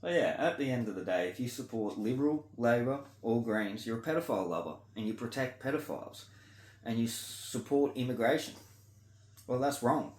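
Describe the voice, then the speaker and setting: A man's voice: expressive, brisk, echoey room. Sweary, ranting Australian man. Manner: blunt, sweary, indignant, swings between loud outbursts and low mutters. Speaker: vlogger. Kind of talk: ranting monologue to camera.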